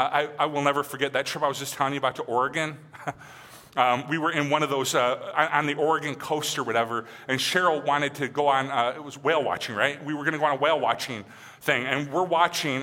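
Man, pastor preaching, fairly high bright voice, emphatic then hushed, long hall reverb. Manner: emphatic preaching, often asking "right?"; drops soft and slow on key phrases. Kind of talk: sermon.

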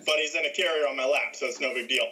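A young man, a guest, telling a childhood story in a lively, laughing way. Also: medium pitch, rapid-fire, a crowd in the background, rough recording. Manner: animated, laughing through the story. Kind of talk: casual storytelling.

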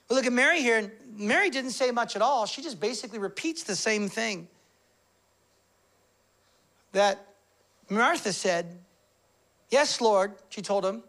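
A man preaching a sermon as pastor, impassioned, swinging between hushed confession and loud declarations. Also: high voice, gravelly.

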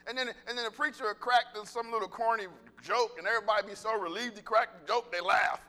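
A male pastor giving a lively, humorous sermon, talking conversationally with the congregation and laughing at his own jokes. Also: sits high, fast. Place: church sanctuary. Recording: long reverb of a church hall.

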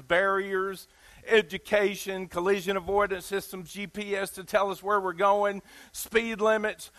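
A Southern US preacher man with a notably high, ringing voice delivers a sermon. He talks in a folksy, emphatic way and keeps putting questions to his listeners. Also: fairly bright tone.

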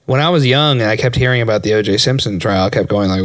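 A man's voice: on the low side, quick pace, no room sound, studio quality. A young man co-hosting a podcast in casual chat, rambling, laughing often and swearing freely. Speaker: podcast co-host.

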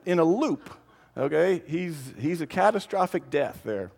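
A man giving a playful, animated conference talk to families, often speaking straight to the children. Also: fairly high pitch, moderate pace, gravelly. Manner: animated, playful, addresses kids directly. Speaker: creationist speaker. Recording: long hall reverb.

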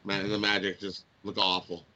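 A man's voice: sits low, brisk, lo-fi sound. A man co-hosting a casual betting show from home over a video call, giving his picks with lots of hesitant "uh"s. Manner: relaxed, hesitant with many "uh"s. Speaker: sports betting show co-host.

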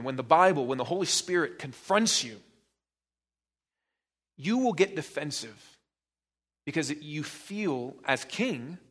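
Pastor guy preaching, kinda high voice, keeps firing questions and repeating himself for emphasis. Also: fairly bright tone. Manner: probing rhetorical questions, emphatic repetition. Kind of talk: sermon.

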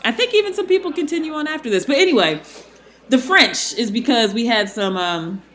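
Chatty woman with lively pitch. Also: a little fast. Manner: chatty, laughs often, many fillers. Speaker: podcast co-host. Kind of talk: casual chat.

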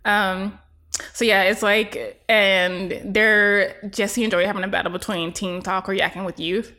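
A woman in her thirties co-hosts a TV recap podcast, talking animatedly and leaning on "like" as she laughs along. Her voice is middle-pitched with a bright, sharp edge. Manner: animated, heavy on "like", quick to laugh. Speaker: podcast co-host. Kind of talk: casual chat recapping a TV show.

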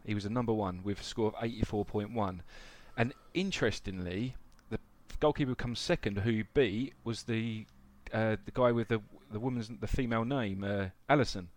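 A man's voice: on the low side, brisk, few pauses. A man co-hosting a casual football podcast, chatty and rambling, often laughing. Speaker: podcast co-host. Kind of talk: casual chat.

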